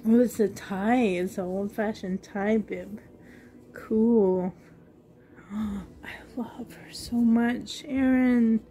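A woman's voice: fairly high pitch, fairly even intonation, dark tone, a little hiss or hum. A woman vlogger gushing over a new doll in a casual unboxing vlog, coughing now and then. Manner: gushing, breathy with delight, slow.

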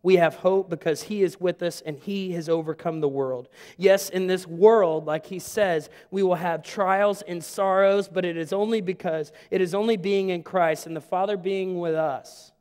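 A man's voice: high-pitched, fairly even intonation, normal speed, few pauses, a little mellow. A man, preaching a sermon with folksy joking asides. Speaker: pastor. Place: church sanctuary. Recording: long hall reverb.

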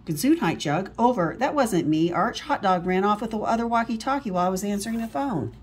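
A woman's voice: mid-range voice, animated, a little fast, a little mellow, breathy edge. A woman voicing a laid-back, easygoing teenage sidekick in a comic read-aloud.

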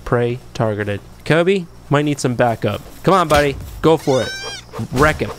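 A man's voice: mid-range voice, expressive, a little slow, fairly bright tone, slight background noise. A young man giving chatty, playful commentary as he plays a game and talks to his creatures. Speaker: gameplay commentator. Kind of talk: casual gameplay commentary.

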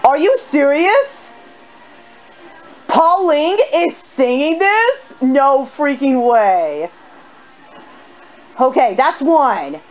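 Very high-pitched gushing woman gamer. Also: sing-song, very slow, long pauses. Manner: gushing, squealing exclamations. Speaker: let's play gamer. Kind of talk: excited gameplay commentary. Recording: slightly dull sound with game music.

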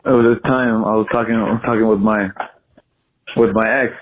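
A man's voice: fairly low pitch, little pitch movement, a little fast, no echo. A young man leaving a crude, boastful voicemail story full of profanity. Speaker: caller. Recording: tinny phone voicemail.

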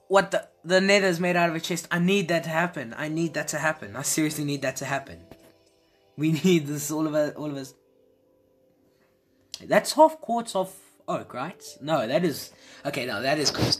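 Excitable slightly husky man reacting. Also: on the high side. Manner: excitable, repeats exclamations, laughs often. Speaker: video creator reacting to images. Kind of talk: casual reaction commentary. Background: faint background music.

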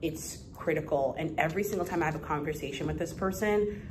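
A young adult woman speaks as an interview guest, with a voice pitched a little low for a woman. She talks in an animated, effusive way and breaks into laughter as she tells her stories. Faint noise hums behind her. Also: fast. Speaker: guest entrepreneur. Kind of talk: casual interview chat.

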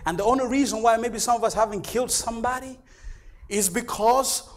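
A man preaching as pastor in a church, shifting between loud shouted lines and quiet low ones while he voices imagined church members. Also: very fast. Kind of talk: sermon.

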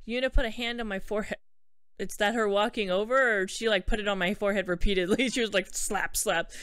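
A woman's voice: mid-range voice, fairly even intonation, fast talker, fairly bright tone, clean tone, dry recording. A young woman playing a horror game, reading its text aloud and joking through it with giggles and swearing. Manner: giggly, jokey, swears freely. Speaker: let's play gamer.

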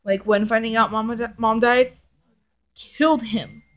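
A woman's voice: on the high side, fairly even intonation, a little slow. A young woman reading her own fanfic aloud on her vlog, with chatty asides and self-corrections. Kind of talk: casual fanfic read-aloud.

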